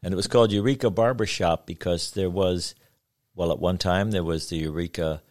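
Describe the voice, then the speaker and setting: A man in his seventies reading his own folksy story, then chatting in an unhurried way with some hesitation. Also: deep voice, fairly even intonation, a little mellow, no echo, clean studio sound. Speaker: storyteller, author.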